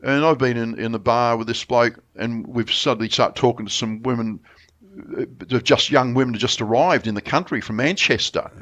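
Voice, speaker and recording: A middle-aged Australian man chatting casually, telling a long story with many restarts and getting animated when he quotes people. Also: mid-range voice, moderate pace. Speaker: friend sharing memories. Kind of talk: casual chat.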